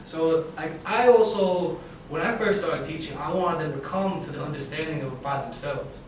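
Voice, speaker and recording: A man leading a live teacher-training session in a classroom, energetic and demonstrative, often acting out his examples. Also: on the high side, normal speed. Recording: very echoey room, far mic, faint noise.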